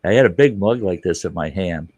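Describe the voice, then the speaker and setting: A man hosting a live stream, telling stories in casual chat, animated and swearing freely, laughing as he goes. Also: sits low, brisk, dry recording, lo-fi sound.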